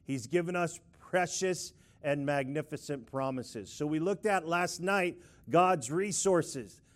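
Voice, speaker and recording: A man's voice: on the high side, slow pace. Playful man preaching to a congregation. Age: middle-aged. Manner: playful, leads the crowd in call-and-response. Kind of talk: lively sermon to a live congregation.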